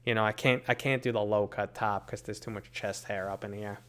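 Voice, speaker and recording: Speaking fairly quickly in a low, steady voice with a slight brightness, a New York City man casually fields live chat questions. He reads the chat aloud and rambles, piling on fillers and tangents in his New York accent.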